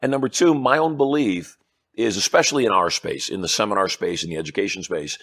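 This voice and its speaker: A middle-aged man with a fairly low voice, talking as an interview guest. He tells stories with energy and plays out both sides of each conversation. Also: quick pace. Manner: animated storyteller acting out dialogue. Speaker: guest, hypnotist and persuasion trainer. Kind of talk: storytelling interview chat.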